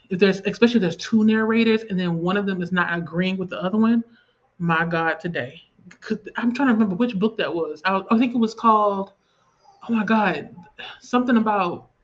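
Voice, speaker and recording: Casting: rambling, chatty Southern woman hosting a livestream, slightly muffled audio. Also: fairly low pitch. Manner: chatty, rambling, reads viewer comments aloud. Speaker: livestream host. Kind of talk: casual livestream chat. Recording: slightly dull lo-fi stream audio.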